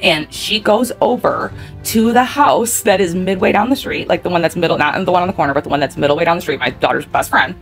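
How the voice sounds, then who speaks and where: Woman vlogger, rambling and heated, fast talker, faint music under her. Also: lowish voice. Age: adult parent of a nine-year-old. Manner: heated, rambling, peppered with "like" and swearing. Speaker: channel host telling a personal story. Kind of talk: casual storytime monologue.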